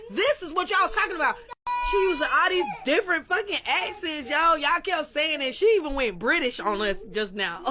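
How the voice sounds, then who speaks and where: A woman in casual, profane chat, rambling loosely with laughing asides. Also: high voice. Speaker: commenter in a reaction clip.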